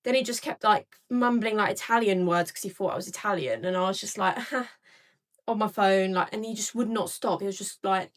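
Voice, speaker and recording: A woman's voice: mid-range voice, moderate pace. A young woman casually recounting an experience, with lots of filler words. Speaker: storyteller in a clip. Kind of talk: casual storytelling.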